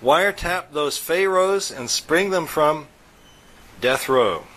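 A man's voice: a little high, expressive, takes it slowly, sharp tone, full character voice, rough recording. A man doing a blunt, stubborn fisherman. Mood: gruff.

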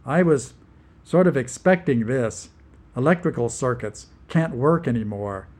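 A man voicing a gawky young woman physics enthusiast who speaks in a bright, flustered way. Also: mid-range voice, expressive, unhurried.

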